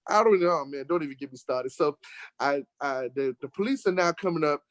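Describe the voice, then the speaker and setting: An American man telling a lively road-trip story in casual conversation, getting worked up when he acts out arguments. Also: fairly high pitch, fairly quick, no echo. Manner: animated storyteller, rising sharply when acting out arguments. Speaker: guest telling a travel story. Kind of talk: casual storytelling in an online talk show.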